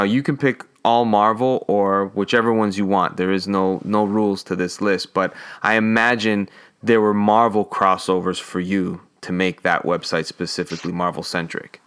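A man's voice: on the low side, a bit bright, smooth. A man hosting a podcast, asking questions in casual chat, friendly and teasing, laughing easily. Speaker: podcast host.

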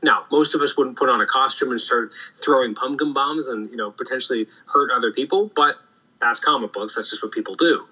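A man hosting a casual podcast chat about comic books, animated and full of restarts. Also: mid-range voice, fairly quick, poor audio. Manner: animated, acts out quoted lines, many restarts. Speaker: podcast host. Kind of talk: casual comic book discussion.

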